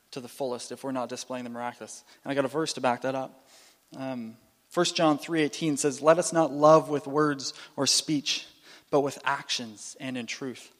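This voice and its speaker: A man preaching a sermon with animated, playful delivery, often restarting and repeating phrases. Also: mid-range voice, normal speed. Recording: long reverb in a hall.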